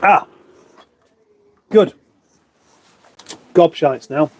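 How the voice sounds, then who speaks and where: A man's voice: on the high side, extremely slow, darkish tone, rough recording. A middle-aged man from England hosting a casual livestream, rambling on and reading viewer comments aloud. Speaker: livestream host. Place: home room, indoors.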